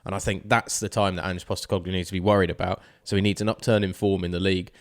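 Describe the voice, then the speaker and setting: A man's voice: low voice, little pitch movement, fast talker. A man co-hosting a casual sports podcast, arguing his points heatedly. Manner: heated, argumentative. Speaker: podcast co-host.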